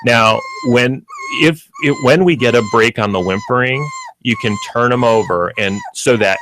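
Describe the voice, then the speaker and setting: A man's voice: mid-range voice, normal speed, background noise. A man hosting a pet radio show, explaining dog training step by step in an instructive way. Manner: explains step by step, lively and animated.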